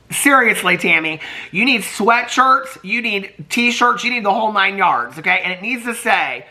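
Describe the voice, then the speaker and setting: A man's voice: sits high, animated, unhurried, pushed and bright. A man with a Southern accent recapping a reality TV show in a gossipy, emphatic way, often asking "okay?". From Indianapolis, Indiana, US Midwest. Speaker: TV recap YouTuber. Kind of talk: casual chatty TV recap.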